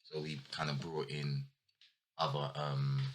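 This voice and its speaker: A man's voice: a bass voice, level tone, unhurried, a little hiss or hum. A man, a guest in a casual interview, talking bluntly and swearing freely when heated. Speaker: guest, former group member.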